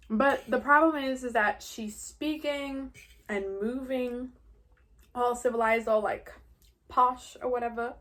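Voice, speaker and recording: Brief: teen girl vlogger, slightly high voice, casual storyteller, "like" in every line. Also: a bit bright. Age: teens. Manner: chatty, heavy use of "like". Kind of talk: casual retelling while eating.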